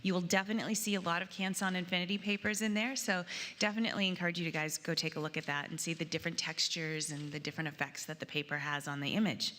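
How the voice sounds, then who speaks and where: Woman event host, low-ish voice, chatty delivery, recorded with hall reverb. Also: fairly even intonation, fast talker, sharp tone. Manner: chatty, with fillers and restarts. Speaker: competition host. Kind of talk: live event presentation.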